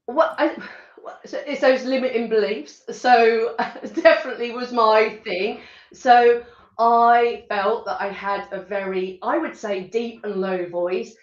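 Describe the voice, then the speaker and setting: A woman's voice: on the high side, fairly even intonation, slow pace, reverberant, highs cut off. A woman with a rural Suffolk accent, chatting as an interview guest, laughing often and restarting her sentences. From rural Suffolk, England. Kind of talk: casual interview chat.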